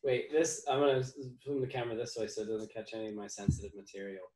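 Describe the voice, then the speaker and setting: A game master in casual chat during a break, animated, cooing at a pet and swearing casually. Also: mid-range voice, fast, reverberant, rough recording.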